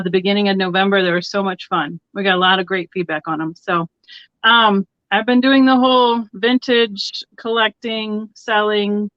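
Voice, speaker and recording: A woman's voice: mid-range voice, a bit bright. A woman talks casually over a video call, chatty and loose, full of little fillers. The sound is dull and lo-fi. The room is dry, with no echo. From Colorado. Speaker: guest seller. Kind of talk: casual chat on a live stream. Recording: dull dry lo-fi stream audio.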